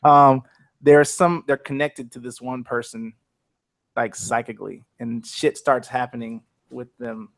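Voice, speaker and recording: A man on a podcast describing a TV show in a halting way, full of likes and restarts. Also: medium pitch, fairly even intonation. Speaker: podcast co-host. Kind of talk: casual chat.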